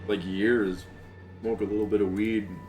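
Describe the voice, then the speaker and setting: A man's voice: on the low side, little pitch movement, normal speed, darkish tone. A man chatting candidly on a live stream, rambling and leaning on lots of fillers. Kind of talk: casual live-stream chat. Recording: roomy echo, faint game music. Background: faint game music.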